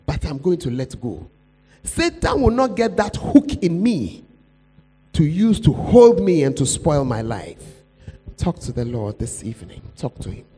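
A man's voice: fairly high pitch, sing-song, a little slow, dark tone, husky. A man preaching a sermon as pastor, pleading and urging the congregation to repeat phrases to their neighbors. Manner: pleading, call-and-response with congregation. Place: church hall. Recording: echoey hall with mains hum.

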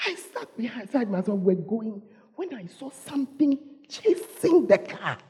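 A woman preacher with a Ghanaian English accent delivers a storytelling sermon. Her husky voice swings widely in pitch as she calls out to the congregation and repeats her points for effect. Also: big pitch swings, normal speed, dark tone.

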